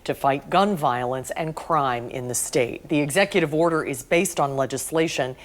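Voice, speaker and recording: A woman anchoring a local TV news show, reading in a crisp, lively way. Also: low-pitched, moderate pace.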